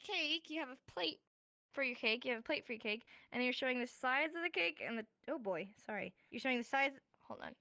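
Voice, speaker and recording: A woman's voice: high voice, animated, a little fast, pushed and bright, no room sound. A woman teaching a casual online class, explaining step by step in an upbeat, joking way. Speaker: sign language teacher.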